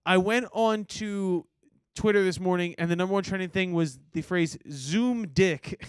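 A man's voice: sits high, measured pace, clear, resonant tone, no echo. A man hosting a podcast in casual chat, joking and swearing freely. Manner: jokey, swears freely, acts out quotes. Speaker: podcast host.

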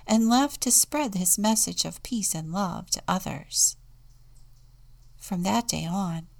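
A woman deacon reading a children's storybook aloud in a slow, soft, often hushed manner. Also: medium pitch, creaky.

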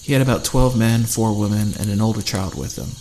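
A man narrating a first-person fantasy audiobook in a steady storytelling manner. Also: lowish voice, a little fast, slight background noise.

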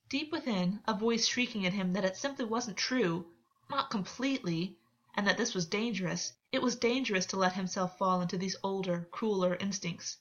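A woman narrating a novel as an audiobook in a steady, measured reading voice. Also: mid-range voice, muffled recording. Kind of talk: scripted fiction narration.

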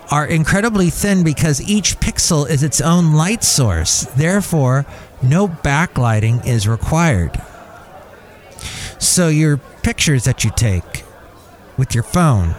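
A man's voice: medium pitch, darkish tone. A man hosting a solo podcast, reading out facts and breaking off into joking asides. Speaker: podcast host. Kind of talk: solo podcast monologue reading tech info.

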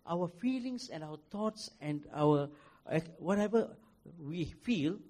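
High-voiced man preaching a sermon. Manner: emphatic, repeats phrases, swings from loud to soft. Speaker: pastor.

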